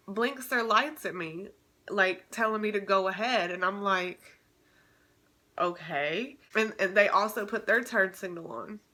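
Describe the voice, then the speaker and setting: Bright-voiced young woman vlogging. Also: medium pitch. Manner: chatty and emotional, many fillers and restarts. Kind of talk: casual storytime vlog.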